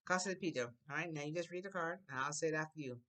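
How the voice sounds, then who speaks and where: A woman teaching a children's Spanish class, slowly modeling phrases for the class to repeat and coaxing them along. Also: low voice, a bit bright. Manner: coaxing and encouraging.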